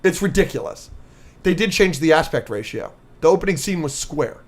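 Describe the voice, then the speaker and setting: A man co-hosting a podcast, recapping with excitement and lots of fillers in casual chat. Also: fairly high pitch, normal speed. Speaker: podcast co-host.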